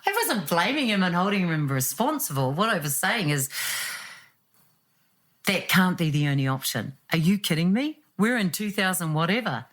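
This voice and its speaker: A woman, telling her own story in an animated, reflective way and acting out what was said. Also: on the low side, normal speed. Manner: animated, acts out quotes with laughs.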